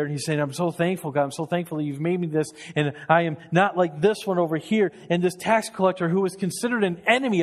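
A man preaching a sermon as pastor, telling Bible stories with earnest, building intensity. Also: fairly high pitch. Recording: long hall reverb.

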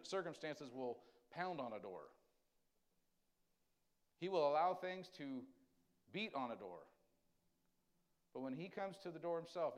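A man preaching a conversational sermon, asking the congregation questions and swinging between loud emphasis and quiet, tender lines. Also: a little high. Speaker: pastor.

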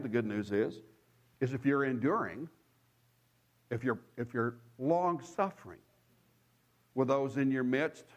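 A man preaching a sermon as a pastor, telling stories with chuckles and repeating phrases for emphasis. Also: mid-range voice. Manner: animated storytelling with chuckles and asides.

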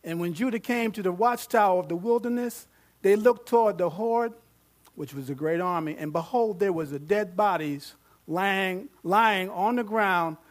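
A man preaching a sermon, reading scripture aloud with growing excitement, joking with and questioning his congregation. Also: high voice, normal speed. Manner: animated, rising to loud fervent reading; jokes with the congregation and asks them questions.

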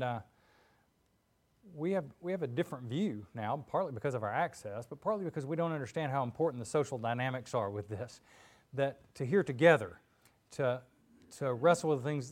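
A male preacher delivering a sermon in a loose, chatty style, dropping in fillers and quick asides. His voice sits at an ordinary middle pitch. He talks to the congregation as if chatting with friends. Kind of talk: conversational sermon. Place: church.

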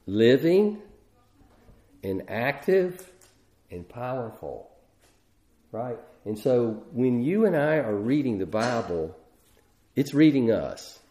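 A man's voice: mid-range voice, warm tone. A middle-aged man preaching a sermon in a conversational way, often restarting his sentences. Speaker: pastor.

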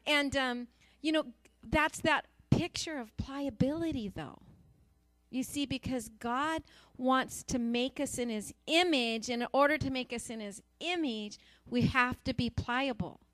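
A woman's voice: high voice, unhurried, a bit bright, no echo. A woman preaching a sermon in an earnest, emphatic way, repeating phrases for stress.

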